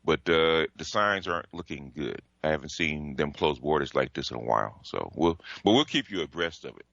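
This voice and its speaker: A man co-hosting a radio talk show, chatting in a relaxed, halting way with many pauses. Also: a bass voice, gravelly, no echo. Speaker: radio co-host. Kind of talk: casual on-air chat. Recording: dull dry lo-fi audio.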